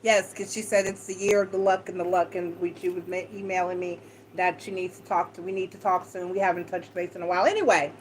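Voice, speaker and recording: A woman's voice: lowish voice, flat delivery, fast, a little hiss or hum, poor audio. A woman giving a casual, rambling tarot reading, frank and a bit salty, acting out quoted talk with a raised voice. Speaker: tarot reader.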